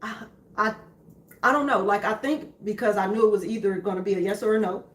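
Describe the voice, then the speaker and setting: Calm matter-of-fact woman in echoey room. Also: medium pitch, a little fast. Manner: calm, matter-of-fact storytelling with many fillers. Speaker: co-host, wife. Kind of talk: candid conversation with her husband.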